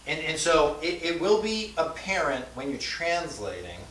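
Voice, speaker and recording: A man with a fairly high pitch and fairly bright tone teaches a language class, very animated at a moderate pace. His lecture style is conversational, with many fillers and frequent check-ins with students, heard from a distance in an echoey room with faint hiss.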